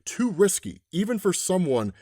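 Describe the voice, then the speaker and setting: Man reads a wary, dismissive woman warrior, lively tone. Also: sits high, normal speed, breathy edge, no echo, clean studio sound, exaggerated voice. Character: wary young woman horseman Crow.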